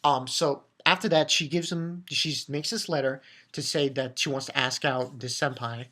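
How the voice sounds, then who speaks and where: Low-voiced woman excitedly recapping an episode. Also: moderate pace. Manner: excitable, laughing, swearing, many restarts. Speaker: anime reviewer.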